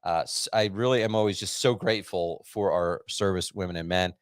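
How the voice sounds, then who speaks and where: A man's voice: low voice, brisk, clean tone, dry recording, studio quality. A middle-aged American man hosting a podcast, chatting casually and rambling upbeat with many fillers. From United States. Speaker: podcast host. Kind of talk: casual monologue to a live audience.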